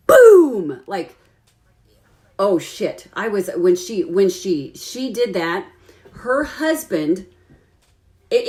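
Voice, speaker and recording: Animated, laughing woman telling a story. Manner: animated, laughing often, swearing, acting out quotes in a loud high voice. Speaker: vlogger telling a story to followers. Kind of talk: casual storytelling on a live stream.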